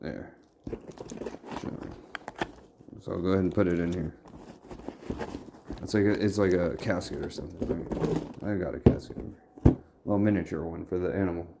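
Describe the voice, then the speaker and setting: A man's voice: low voice, fairly even intonation, moderate pace, gravelly, long pauses, very noisy. A man vlogging casually from his home workshop, rambling and muttering to himself as he sorts and labels things. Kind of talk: casual talk to camera.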